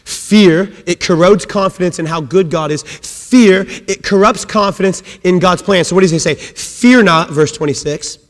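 High-voiced preacher in an echoing hall. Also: male voice, normal speed, hardly any pauses. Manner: emphatic, repetitive, swings from loud to hushed. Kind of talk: sermon. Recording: echoey hall.

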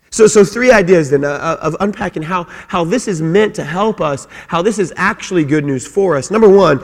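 High-voiced pastor preaching in an echoing hall. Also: male voice, lively intonation, brisk, hardly any pauses. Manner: earnest, repeats words while building points. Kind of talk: sermon. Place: church.

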